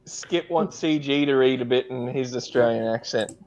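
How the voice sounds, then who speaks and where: A man's voice: mid-range voice, moderate pace, darkish tone, low-quality recording. A man co-hosting a casual livestream, teasing and egging the others on. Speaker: livestream co-host. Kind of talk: casual chat.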